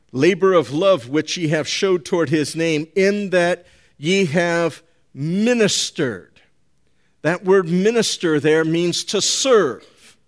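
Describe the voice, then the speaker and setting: A man preaching a sermon, speaking to his congregation with folksy, teasing asides. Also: a little high. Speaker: pastor.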